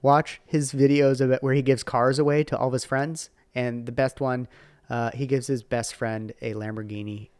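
Middle-aged father, podcast host, rambling and chatty, mid-pitched, dry close sound. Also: moderate pace, smooth, no echo. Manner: rambling, animated, frequent fillers and restarts. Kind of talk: casual podcast chat.

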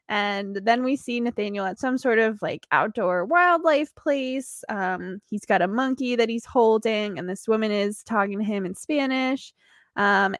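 A woman's voice: medium pitch, fairly bright tone, dry recording, clean studio sound. A woman hosting a podcast, recapping episodes in a casual, giggly way and quoting lines.

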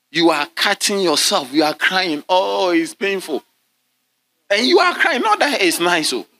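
A man preaching a sermon as a bishop, calling out to his congregation and sometimes dropping into low murmurs. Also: sharp tone. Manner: call-and-response preaching, drops to low murmurs at times. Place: large church hall.

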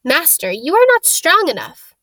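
A woman voicing a nervous male servant of a dark lord, speaking in a high, strained voice that breaks into shouts. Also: wildly swooping pitch, moderate pace, distant mic, heavily acted. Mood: urgent.

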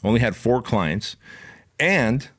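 A man's voice: mid-range voice, expressive, slow, fairly bright tone. Rambling, cussing man telling a story. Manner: profane, rambling, heavy on fillers like "bro" and "like". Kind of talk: casual personal anecdote.

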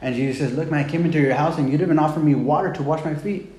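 Talking very fast in a fairly high, slightly mellow voice, a man preaches casually, often tossing in "man" and "right?" and recounting scripture in plain terms. The recording has an echoey room sound and faint background noise.

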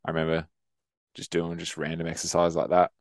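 A young man co-hosts a podcast in casual chat, rambling through stories while laughing often and swearing casually. His deep voice is monotone and brisk, recorded at studio quality with no echo.

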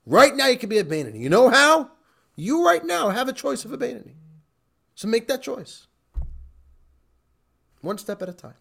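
A man, a rabbi, teaching a class in a lively, animated way, often laughing and repeating phrases for emphasis. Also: extremely high pitch, moderate pace, creaky, long pauses, husky.

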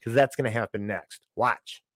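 A man's voice: mid-range voice, moderate pace, no room sound. A man hosting a financial news show, giving sarcastic, ranting commentary on economic headlines and peppering it with "okay?" asides.

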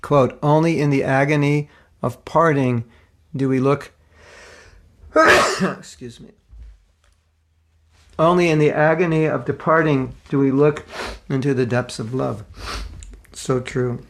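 A man's voice: medium pitch, fairly even intonation, a little slow, long pauses, slight background noise. An American man giving an informal spiritual talk, conversational and rambling, with restarts and side remarks. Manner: conversational, repeats and restarts, asides. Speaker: spiritual teacher.

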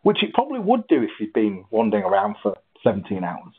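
Husky man on a tinny line. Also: fairly low pitch. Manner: animated, halting restarts, acts out quotes. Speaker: guest, ultra runner. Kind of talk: conversational interview storytelling.

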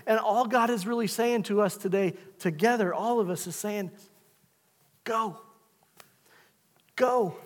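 A middle-aged pastor preaches to his congregation, pressing his points home by repeating them. His voice sits high for a man. The sound rings with the long reverb of a church hall. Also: moderate pace, hardly any pauses. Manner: preaching, repetitive exhortations. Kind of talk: sermon. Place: church sanctuary.

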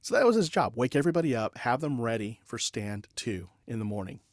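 A man in his forties, a podcast guest and leadership consultant, telling an anecdote in a lively, conversational way with fillers. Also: medium pitch, a little fast, no echo, studio quality. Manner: animated anecdote telling with laughs and filler words. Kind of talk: conversational storytelling.

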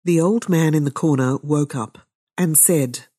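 A woman podcast host reading a novel aloud, measured and unhurried, with her own commentary. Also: low-pitched, dark tone, breathy edge.

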